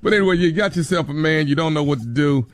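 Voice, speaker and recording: A man's voice: on the high side, quick pace, dry recording. A man co-hosting an advice show, laid-back and teasing as he gives blunt relationship advice. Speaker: co-host giving advice. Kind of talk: casual advice talk.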